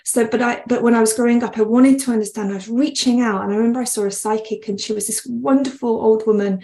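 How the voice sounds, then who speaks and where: A woman's voice: a little high, steady tone, fast talker, dark tone, slight background noise. A woman, talking earnestly as a guest in a podcast interview, rambling and laughing often. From West Midlands, England.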